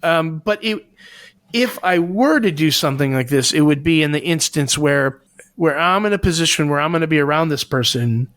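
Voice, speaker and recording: A man whose voice is a little high, expressive and a bit bright co-hosts a podcast at a moderate pace. Earnestly reasoning things out, he searches for his words in casual conversation. The recording is dry and studio quality.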